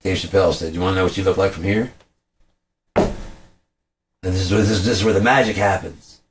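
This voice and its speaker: A man with a low voice gives a rambling spoken commentary. He swears freely and slips into the voices of the people he quotes. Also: steady tone, fairly quick, a little hiss or hum. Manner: profane, heated, acts out quoted speakers. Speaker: vlogger.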